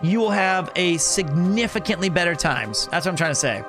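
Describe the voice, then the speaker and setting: Male streamer, high bright tone, loose joking chatter over faint game music. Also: expressive, moderate pace. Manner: rambling, playful, jokey. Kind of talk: casual live-stream chat.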